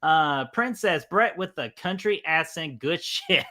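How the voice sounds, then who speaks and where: A man's voice: on the high side, lively intonation, measured pace, pushed and bright. A man with a Southern US accent hosting a casual live stream, greeting chat by name, laughing and swearing casually.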